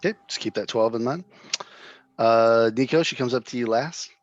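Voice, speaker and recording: A man running a tabletop game as game master, narrating in a relaxed way with many fillers. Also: medium pitch, normal speed, no room sound, dull audio.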